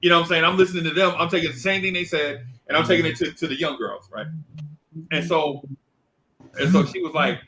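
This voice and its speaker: A man's voice: a little high, quick pace, bright, forceful tone, a little hiss or hum. A middle-aged man telling a comic story, acting out each character's voice. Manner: playful, acts out every character's voice. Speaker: podcast co-host.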